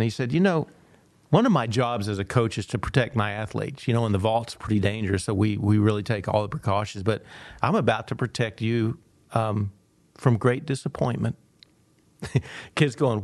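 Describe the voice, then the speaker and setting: A man co-hosting a panel talk, telling a long story and acting out the people in it with lively quoted voices. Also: medium pitch, moderate pace, no room sound. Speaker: podcast co-host.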